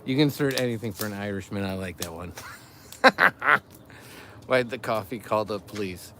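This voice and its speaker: Joking dad chatting outdoors by a fire. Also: male voice, lowish voice, moderate pace, pushed and bright, slight background noise. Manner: joking, laughs often, reads chat aloud. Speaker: livestream host, father. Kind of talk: casual live chat with viewers. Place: outdoors by a backyard fire at night.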